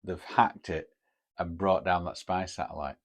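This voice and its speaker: A man's voice: low voice, fairly even intonation, measured pace. A man hosting a podcast, telling a rambling, sweary story in a casual monologue. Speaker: podcast host. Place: home in Japan.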